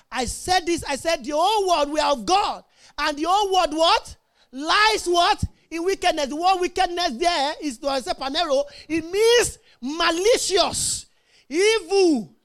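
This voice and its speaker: A middle-aged woman preaches with a strikingly high voice. She stresses her points and keeps checking in with the congregation, asking if they are with her. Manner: emphatic, call-and-response with congregation. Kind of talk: sermon.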